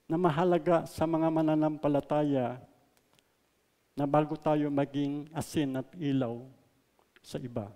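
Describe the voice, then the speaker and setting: Filipino pastor preaching in a reverberant hall. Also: male voice, on the high side. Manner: switches between English and Tagalog, rising emphasis then trailing off softly. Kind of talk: sermon. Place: church hall.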